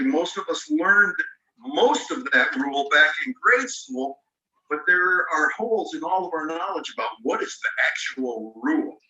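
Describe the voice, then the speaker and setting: Spelling words out letter by letter, a man teaching online patiently works through the rules step by step. His voice runs on the high side with a sharp tone, captured by a video call mic set at a distance, so it sounds roomy.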